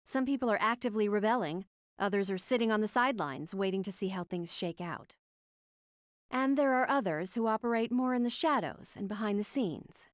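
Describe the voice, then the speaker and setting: A woman's voice: mid-range voice, animated, a little fast, dry recording, clean studio sound, close to an everyday voice. A woman playing a condescending female scientist. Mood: smug. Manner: condescending, sarcastic. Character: arrogant, sharp-tongued female scientist.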